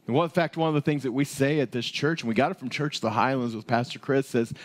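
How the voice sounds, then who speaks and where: A male pastor preaching a conversational sermon, retelling a parable with lively storytelling. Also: medium pitch, fast, hardly any pauses.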